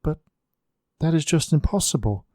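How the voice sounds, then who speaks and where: A bewildered young woman, put on by a male reader, her raised voice soft and halting. She sounds confused and unsure of herself. The room is dry and close. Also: on the high side, lively intonation, dry recording, voice pushed up.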